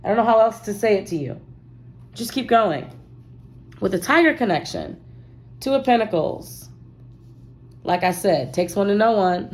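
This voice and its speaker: A woman's voice: on the low side, a little hiss or hum. A woman giving a casual tarot reading, talking playfully and straight to her viewers. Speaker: tarot card reader.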